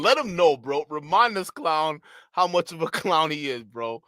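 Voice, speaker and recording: A man in a sarcastic, mocking commentary mood, his voice bright and lively as it swings up and down. He laughs often and leans on drawn-out slang. The sound is close and dry, with no room echo. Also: fairly high pitch. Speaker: commentary streamer.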